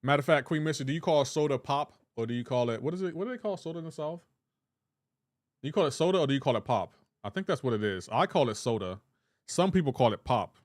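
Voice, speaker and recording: A man's voice: medium pitch, expressive, fast, dry recording. Joking male game streamer, dry sound. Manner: chatty and joking, reads out chat names and comments; playful teasing about pronunciation. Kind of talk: casual live-stream chat.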